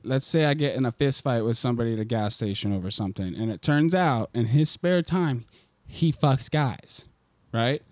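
A man's voice: mid-range voice, normal speed, darkish tone, dry recording. A man co-hosting a casual podcast, rambling and swearing freely as he tells stories, on a close mic. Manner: profane, rambling storyteller. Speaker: podcast co-host.

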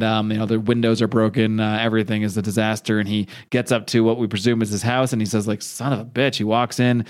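A man casually recapping a TV episode, rambling with many fillers and restarts and acting out the characters' lines. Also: mid-range voice. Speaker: show recapper.

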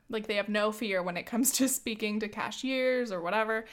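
A woman's voice: normal speed, hardly any pauses. A young woman in her twenties hosting a casual solo podcast, talking freely with lots of fillers and swearing, and acting out quoted dialogue. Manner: acts out quoted dialogue with jumps in pitch. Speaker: podcast host.

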